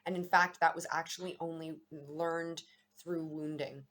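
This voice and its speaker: A woman with a low voice shares her daily astrology reading in a loose, unscripted way. She muses reflectively, wanders between thoughts and restarts her sentences as she goes. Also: steady tone, a little slow, a bit bright. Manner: meandering, reflective, self-correcting. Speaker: astrology vlogger. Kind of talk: casual spiritual musing to camera.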